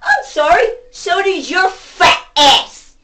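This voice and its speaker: A woman venting to camera in a profane rant, going from shouting to muttering. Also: very high voice, very animated, slow. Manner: profane, ranting, swings between shouting and muttering. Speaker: vlogger. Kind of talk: angry venting monologue. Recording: voice distant from the mic.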